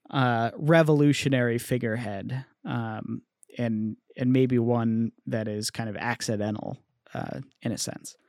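A man's voice: mid-range voice, darkish tone, no echo, studio quality. A man in casual chat, thinking aloud in a hesitant, reflective way. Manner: thoughtful, hesitant, many fillers.

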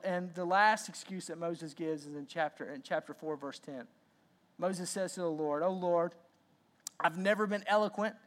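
A man preaching a sermon as pastor, animated and repeating words as he acts out lines. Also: high voice.

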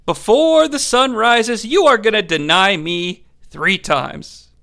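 Man doing a calm solemn prophet. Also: sits high, takes it slowly, gravelly, heavily acted.

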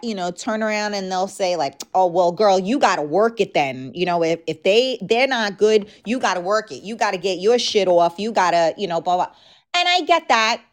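Woman podcaster, frank casual chatter, slightly worn voice, mid pitch. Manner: frank, chatty, talks straight to listeners. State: losing her voice. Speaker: podcast host. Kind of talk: casual chat.

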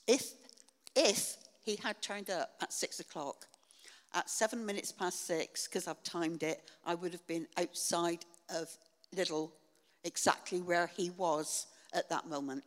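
Older woman, low-pitched, earnest halting testimony, church hall echo. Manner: earnest, halting storytelling with many ums. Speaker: church member sharing testimony. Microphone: shared handheld mic.

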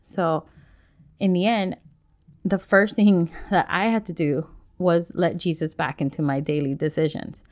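A woman's voice: lowish voice, steady tone, a little slow, darkish tone. A woman hosting a faith and parenting podcast, talking casually with many fillers and acting out her own past outbursts. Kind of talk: casual reflective monologue.

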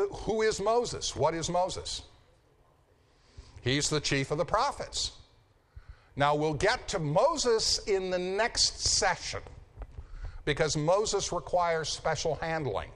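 Man, Bible teacher, classroom lecture, slow deliberate delivery, fairly high voice. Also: animated, fairly bright tone. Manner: emphatic, repeats key phrases, checks in with "okay?". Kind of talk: classroom lecture with questions to students.

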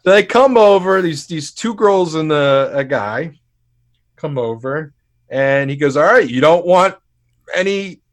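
Speaking a little slowly in a fairly high voice, a podcast co-host spins a funny story during a casual chat. He gets animated, curses freely, and acts out people's words at full volume.

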